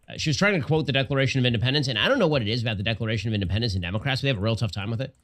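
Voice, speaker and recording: A man's voice: on the low side, a bit bright. A man giving political commentary in a sarcastic, mocking tone.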